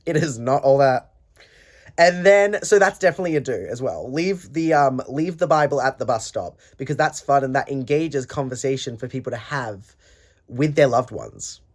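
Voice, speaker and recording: A man's voice: mid-range voice, expressive, moderate pace. A man in his twenties ranting in a casual video diary, tired, profane and rambling. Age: 20s. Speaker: vlogger.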